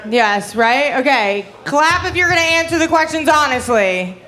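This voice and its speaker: A woman's voice: high-pitched, animated, normal speed, noisy background. A young woman doing a stand-up comedy set on a club stage, brash and profane, laughing at her own jokes. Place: comedy club stage before a live audience.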